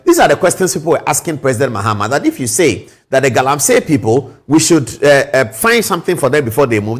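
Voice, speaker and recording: Male host, lively pitch, emphatic political commentary. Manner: animated, emphatic, rhetorical questions. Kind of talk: opinionated news commentary.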